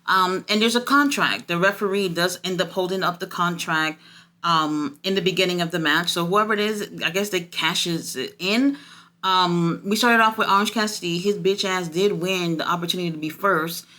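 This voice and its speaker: A woman reviewing a wrestling show in a casual, excitable chat, swearing freely and gushing with lots of fillers. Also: fairly low pitch, normal speed.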